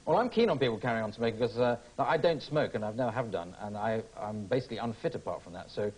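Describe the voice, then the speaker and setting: Chuckling English talk show host. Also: male voice, medium pitch, expressive, fast talker. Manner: chuckling, self-interrupting, teasing. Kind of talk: television studio interview. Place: television studio with audience. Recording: noisy TV broadcast recording.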